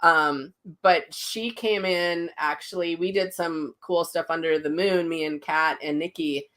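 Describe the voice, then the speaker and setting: A woman hosting a casual chat, vividly retelling a story and acting out the voices in it. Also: unhurried. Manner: animated retelling, acts out quotes with big pitch jumps. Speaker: host, psychic medium.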